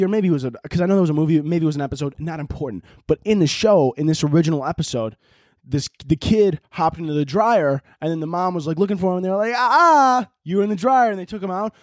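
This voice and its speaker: A man's voice: fairly high pitch, fast talker, dark tone, dry recording, clean studio sound. A man in his twenties with a Chicago accent, ranting profanely and laughing as a solo podcast host. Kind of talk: casual solo podcast rant.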